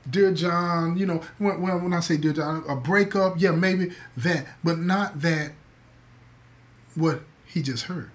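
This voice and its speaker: A man's voice: a little high, unhurried. Emphatic man telling a story. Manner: emphatic, repeats key words, addresses listeners as "y'all". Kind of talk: spoken storytelling to an audience.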